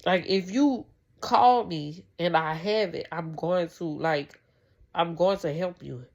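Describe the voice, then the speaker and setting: A woman vlogger with a lowish, creaky, slightly mellow voice talks slowly, the highs cut off in the recording. Her casual faith talk to camera about faith and family is heartfelt and rambling, with many restarts.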